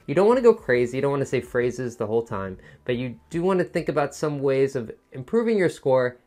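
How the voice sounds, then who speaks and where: A man gives an online lesson in a soft, musical teacher voice that swings up and down. His pitch sits in an ordinary middle range. He speeds up and then slows right down to stress a point. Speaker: TOEFL teacher. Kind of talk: online lesson explaining a test.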